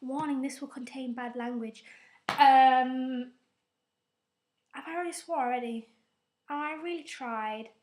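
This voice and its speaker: A woman's voice: high-pitched, unhurried, pauses often, darkish tone. A young woman recapping a film at home in a casual, rambling way, with self-mocking, sarcastic asides. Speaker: video reviewer. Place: at home with her dog.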